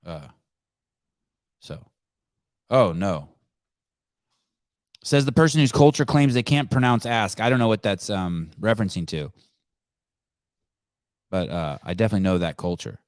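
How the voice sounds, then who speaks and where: A man's voice: lowish voice, expressive, measured pace, pauses often, dry recording, studio quality. A man hosting a live call-in podcast, off-the-cuff, sarcastic and profane. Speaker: podcast host.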